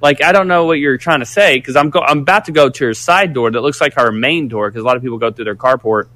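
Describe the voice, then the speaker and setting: A man casually telling a story, animated and profane, rambling with restarts. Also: medium pitch, quick pace.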